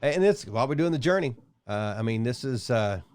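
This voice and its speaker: A man's voice: medium pitch, lively intonation, a little fast, darkish tone. Friendly male interview host. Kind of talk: conversational interview.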